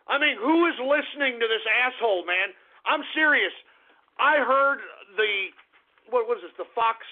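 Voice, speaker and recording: A male radio talk show host in a heated, profane, rambling monologue. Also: high voice. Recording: tinny phone-line radio audio.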